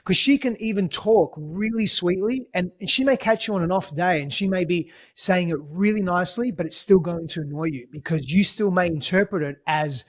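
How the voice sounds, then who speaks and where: Calm, earnest man coaching. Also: high-pitched, brisk, hardly any pauses. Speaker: relationship coach guest. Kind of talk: reflective podcast conversation.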